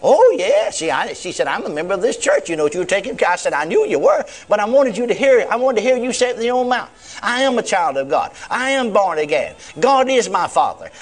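A man preaching a sermon, retelling a conversation and acting out both sides. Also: high-pitched. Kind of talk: sermon with retold dialogue.

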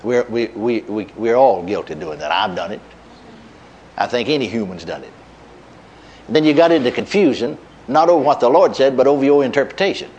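A man's voice: fairly quick, lo-fi sound, slight background noise. A middle-aged man preaching a sermon, telling a story in a folksy way with chuckles and repeated words. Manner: lively pitch, dropping low at line ends.

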